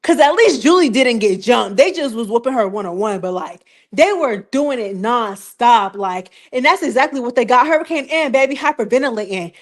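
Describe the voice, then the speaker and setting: A woman's voice: on the high side, lively intonation, normal speed, hardly any pauses. A young woman hosting a live-stream recap, talking in a casual, slangy way and teasing with repeated rhetorical questions.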